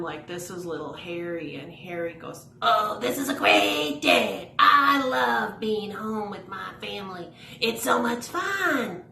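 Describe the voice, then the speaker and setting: Chatty woman in an echoey room. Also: mid-range voice. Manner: friendly, chatty, encouraging. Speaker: mentoring coordinator. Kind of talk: casual instructional talk to camera. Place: at home. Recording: echoey room with faint noise.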